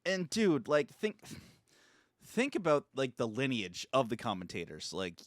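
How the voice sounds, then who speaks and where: Young male co-host, rambling and keen, heavy on fillers, mid-pitched voice, dry close mic. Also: wildly swooping pitch, unhurried, no echo. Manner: enthusiastic, rambling, many fillers. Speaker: podcast co-host. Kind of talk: casual chat.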